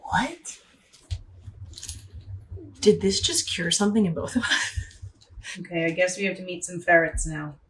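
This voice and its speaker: A woman in casual chat, talking slowly and soothingly as she praises a dog in a studio. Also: fairly low pitch, a little hiss or hum, rough recording.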